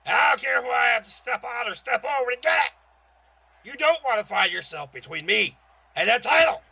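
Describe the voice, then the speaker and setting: A man voicing a threatening veteran pro wrestler in a trash-talk promo, growling and shouting his threats. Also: extremely high pitch, animated, moderate pace, gravelly, breathy edge, highs cut off, pitched above the performer's own voice, full character voice. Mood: menacing.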